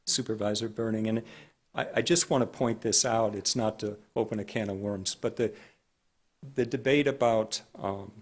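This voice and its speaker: Husky low-voiced guy at a county board meeting, talks slow and careful, lots of restarts. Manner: measured, halting with restarts. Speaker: public health director. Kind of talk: public meeting testimony.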